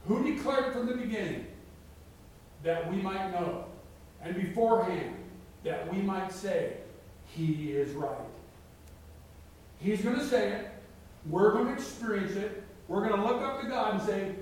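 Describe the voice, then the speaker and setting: A man's voice: sits high, animated, measured pace, long pauses, a little mellow, a little hiss or hum. A middle-aged man preaching a sermon as a pastor, reading scripture aloud with emphatic rises. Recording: very echoey hall, mic far off.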